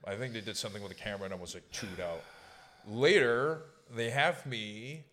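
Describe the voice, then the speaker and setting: A man's voice: lowish voice, a little fast, fairly bright tone. A man, a guest on an interview show, telling casual, profane, rambling stories with lots of fillers. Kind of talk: casual storytelling.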